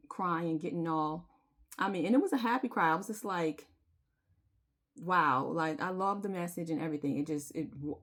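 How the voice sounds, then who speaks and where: A woman, telling her viewers a personal story in a confiding, emotional way and singing bits of a chorus. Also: low voice. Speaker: spiritual vlogger.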